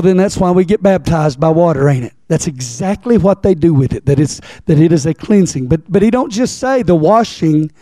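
Slow high-voiced preacher man. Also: mellow, no echo, clean studio sound. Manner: folksy, repeats key words, asks the congregation. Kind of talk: bible teaching sermon.

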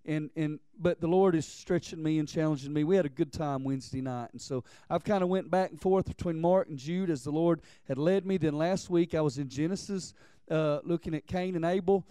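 A man's voice: a little high, fairly quick, dark tone, clean tone, dry recording. A man of about forty, preaching a sermon earnestly, often restarting his words and building in intensity. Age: 40s. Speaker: pastor.

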